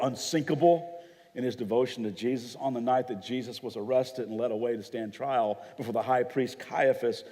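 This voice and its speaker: A pastor preaching a sermon, telling stories vividly and acting out the voices of people in them. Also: male voice, medium pitch, darkish tone, long reverb tail. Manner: dramatic storytelling, acts out quoted voices. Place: church hall.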